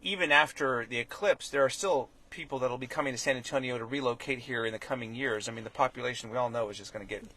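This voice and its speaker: A man hosts a conversational interview, chatty and affirming. His voice is bright and forceful at an ordinary pitch. He repeats words when he starts a new thought. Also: fast, few pauses. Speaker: host.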